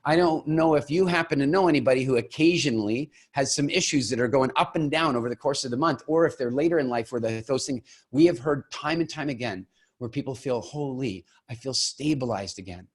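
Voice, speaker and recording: A man's voice: medium pitch, fairly quick. Enthusiastic man giving a persuasive talk. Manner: enthusiastic storyteller, acting out quoted exchanges. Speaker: program founder giving a masterclass.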